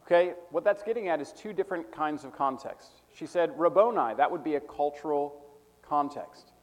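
A man teaching a preaching class, defining terms methodically and repeating them slowly so students can take notes. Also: on the high side, long reverb tail. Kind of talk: classroom lecture.

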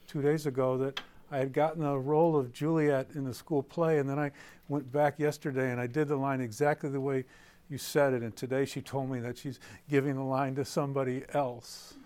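A man's voice: mid-range voice, level tone, a little fast, a little mellow, slight background noise, lightly acted. A man voicing an eleven-year-old girl, a sweet, eager niece, in a story told to a live audience. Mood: upset.

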